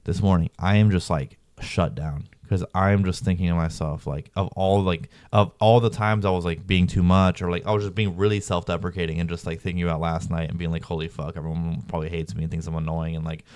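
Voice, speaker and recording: A man's voice: low-pitched, steady tone, a little fast, hardly any pauses, darkish tone, dry recording, clean studio sound. A young man telling a story in a rambling, slangy way, peppered with "bro" and "like". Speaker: vlogger. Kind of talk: casual storytelling.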